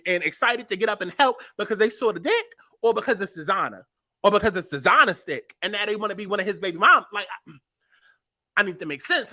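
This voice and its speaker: Young woman host, comedic commentary, lively swooping delivery, profane and exasperated. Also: mid-range voice. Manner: animated, profane, exasperated riffing.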